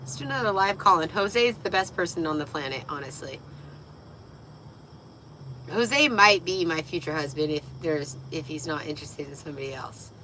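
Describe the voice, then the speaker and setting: A tipsy woman livestreaming from a parked vehicle, giggling, swearing freely and getting excitable, her voice partly lost. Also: low-pitched, moderate pace, a little hiss or hum, poor audio. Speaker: livestream host. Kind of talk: tipsy casual livestream chat.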